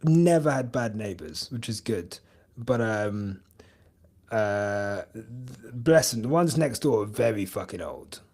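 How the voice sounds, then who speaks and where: Young bloke rambling on a live stream, slow and gravelly, swears a lot. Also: male voice, lowish voice, animated, a little mellow. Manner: rambling, lots of filler words, swears casually. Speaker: podcast host streaming live. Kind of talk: casual live-stream chat with viewers.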